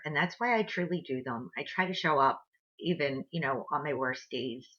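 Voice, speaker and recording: A woman's voice: low-pitched, sharp tone. A woman giving a casual tarot reading to camera, earnest and rambling with many fillers, recorded on an old computer microphone. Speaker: tarot reader. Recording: dull lo-fi computer audio.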